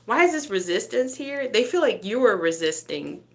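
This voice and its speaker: A woman's voice: mid-range voice, sing-song, moderate pace, a little hiss or hum. A woman reading tarot live, chatty and teasing, often laughing between cards. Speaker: tarot reader.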